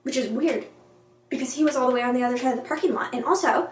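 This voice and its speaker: A young woman recapping a story casually, saying "like" often and acting out quotes in quick voices. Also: high-pitched, lively intonation, far from the mic. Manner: chatty, many "like"s, acts out quotes in quick voices. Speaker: book vlogger. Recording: echoey room with faint ambience.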